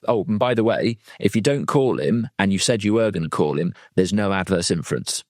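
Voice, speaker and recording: A man's voice: on the low side, lively intonation, brisk, darkish tone, dry recording, clean studio sound. A man, a legal trainer and former defence lawyer, talking through a case in a chatty, digressive way with plenty of asides. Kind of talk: conversational legal training talk.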